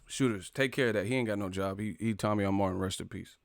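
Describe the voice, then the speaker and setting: A man hosting a live chat stream, talking casually and trash-talking commenters with loud bursts and laughs. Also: lowish voice, quick pace, creaky. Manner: brash trash talk, frequent laughing.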